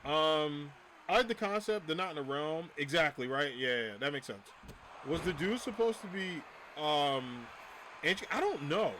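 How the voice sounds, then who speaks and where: Animated ranting man streaming. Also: on the high side, measured pace, slight background noise. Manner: animated ranting, laughs often, swears. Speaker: livestreamer. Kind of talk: casual livestream chat.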